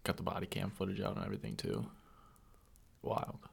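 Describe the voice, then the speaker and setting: Man, podcast guest; lowish, gravelly voice, terse dry answers. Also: big pitch swings, a little fast. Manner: short dry replies. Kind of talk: casual podcast chat.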